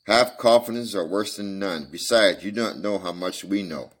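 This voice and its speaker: Self-satisfied storybook police inspector, read by a man, low-pitched and proud. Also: normal speed, a bit bright, husky. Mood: boastful. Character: Gregson, proud male police detective.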